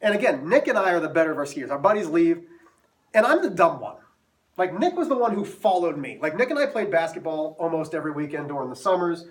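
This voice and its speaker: Guy math teacher telling a goofy story to his class, higher voice, mic kinda far off. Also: fast. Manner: animated, self-mocking storyteller.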